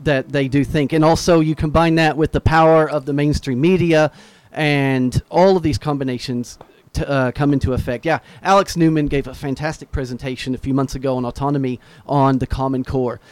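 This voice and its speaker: A man's voice: mid-range voice, steady tone, brisk, darkish tone, clear, resonant tone, no room sound. A man hosting a casual political talk and speaking earnestly, with frequent restarts.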